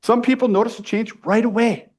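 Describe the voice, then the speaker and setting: A middle-aged man from the United States giving a live sales training to a room, energetic and pushy, often checking in with the audience. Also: extremely high pitch, brisk. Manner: energetic, salesy, keeps asking "right?".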